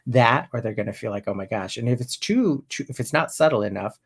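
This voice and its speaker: Middle-aged male coach, gravelly voice, loose and rambling teaching delivery with lots of restarts. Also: medium pitch, expressive, a little fast. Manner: rambling, with frequent restarts and tag questions. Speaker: NLP coach. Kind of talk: informal teaching talk.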